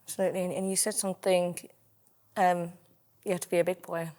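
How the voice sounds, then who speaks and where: Flat-toned low woman interviewer. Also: fast talker. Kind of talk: supportive interview questions.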